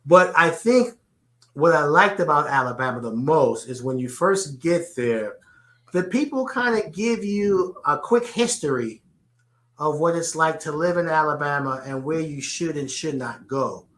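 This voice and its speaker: Bright New York man in a roomy room. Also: on the high side, animated, a little slow. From the Bronx, New York. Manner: earnest, repeats words when starting sentences. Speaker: podcast guest. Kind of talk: conversational interview. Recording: roomy echo.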